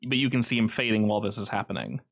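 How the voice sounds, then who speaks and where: A man running a tabletop role-playing game, narrating scenes in a steady, descriptive way. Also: fairly low pitch, racing, creaky. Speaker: game master.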